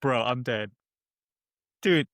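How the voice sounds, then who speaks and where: A man's voice: mid-range voice, lively intonation, slow, fairly bright tone, no room sound. A man hosting a casual podcast, asking laid-back probing questions in slangy talk. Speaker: podcast host. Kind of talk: casual chat.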